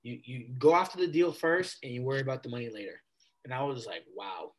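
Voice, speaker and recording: A podcast guest in his twenties tells a story in a casual, animated style, replaying conversations with plenty of casual slang. His voice is mid-range and his pace is quick.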